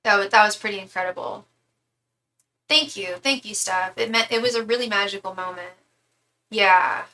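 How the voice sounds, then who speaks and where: A woman's voice: mid-range voice, moderate pace, long pauses, bright, forceful tone. A young woman reading tarot on a live stream, rambling and chatty, full of fillers as she tells stories. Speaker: tarot reader and psychic medium. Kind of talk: casual live-stream chat.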